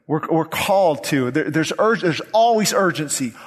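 A man's voice: a little high, expressive, normal speed. A male pastor preaching a sermon with urgent, impassioned delivery and repeated phrases. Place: church sanctuary. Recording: long reverb of a church hall.

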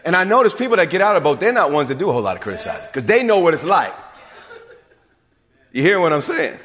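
A man's voice: fairly high pitch, big pitch swings, fast. Preaching man in a reverberant church. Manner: preacherly call-and-response, swinging between hushed and shouted. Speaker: pastor. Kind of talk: sermon. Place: church sanctuary. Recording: long hall reverb.

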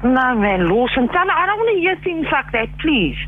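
Flustered high-voiced woman on the phone. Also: big pitch swings, normal speed. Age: 50s. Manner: flustered, exclaiming, blunt. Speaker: prank call target, mother. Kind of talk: phone conversation. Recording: dull phone line with faint noise.

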